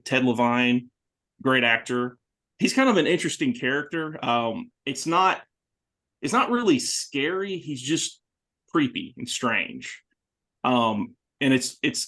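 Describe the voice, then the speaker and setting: A man hosting a horror movie podcast, talking casually and excitedly with many restarts. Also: mid-range voice. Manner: rambling, animated, many restarts. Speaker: podcast host. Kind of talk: casual movie review chat.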